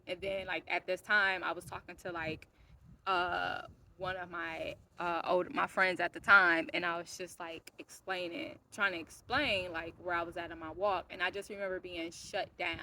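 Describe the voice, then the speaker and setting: A woman's voice: fairly low pitch, pushed and bright, slight background noise. A woman telling a personal story in a casual, rambling way, full of fillers and restarts, frank enough to swear. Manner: frank, swears when irritated. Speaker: vlogger.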